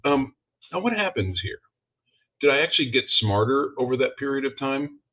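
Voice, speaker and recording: A man of middle pitch gives a conversational spiritual talk, full of ums and asides, sometimes lifting his voice to act out his own thoughts. The sound is thin and phone-like, as if coming in over a call. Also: sing-song, fairly quick, slightly rough. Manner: conversational, with many fillers, acting out his own thoughts in a higher voice. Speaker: licensed practitioner giving a talk. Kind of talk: sermon talk. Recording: tinny phone-like audio.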